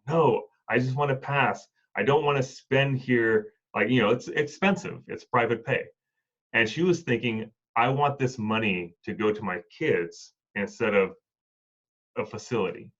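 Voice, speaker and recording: A man with a lowish voice tells stories from his hospice work in a relaxed talk, voicing the people in them as he goes. The recording sounds muffled and lo-fi. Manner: reflective, acts out dialogue in stories. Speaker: hospice and home health worker, former Marine. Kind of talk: casual storytelling conversation.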